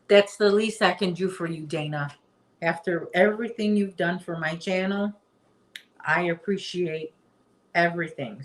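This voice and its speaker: A woman hosts a relaxed livestream from her home and chats with viewers at an unhurried pace. Her voice sits a little low, and she reads comments aloud between her own stories. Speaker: livestream host. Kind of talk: casual livestream chat.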